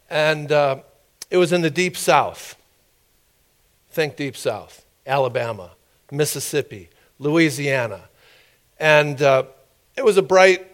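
A man preaching a sermon, telling a story in a conversational, halting way with many fillers. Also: on the high side. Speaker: pastor.

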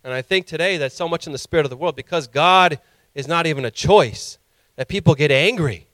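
Male pastor, fairly high voice, impassioned sermon delivery, dry close recording. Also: a little fast, fairly bright tone, no echo. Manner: impassioned preaching, rising to emphatic peaks.

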